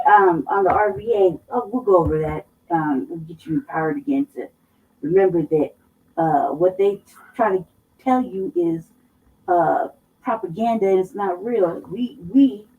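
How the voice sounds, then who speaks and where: A woman's voice: mid-range voice, animated, normal speed, a little hiss or hum. A woman from Colorado co-hosting a casual political talk show, blunt and emphatic, swearing heavily as she makes her points. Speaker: co-host. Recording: dull, somewhat distant mic.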